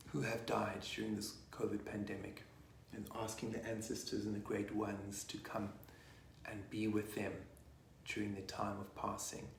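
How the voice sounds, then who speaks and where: A man and sangoma leading a guided meditation, talking softly and gently between chants. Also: lowish voice, creaky, reverberant, a little hiss or hum. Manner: soft, gentle, slow spoken guidance.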